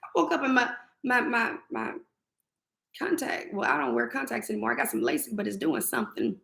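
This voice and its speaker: A woman's voice: fairly high pitch, wildly swooping pitch, brisk, vocal fry, a bit bright, roomy sound. A woman hosting a faith-filled morning live stream, exuberant and preachy, breaking into song and affirmations. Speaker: host.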